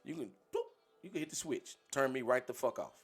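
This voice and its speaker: A man's voice: medium pitch, expressive, fairly quick, breathy edge, soft background music. A man on a livestream, speaking bluntly and profanely, lecturing his community in a preachy rant.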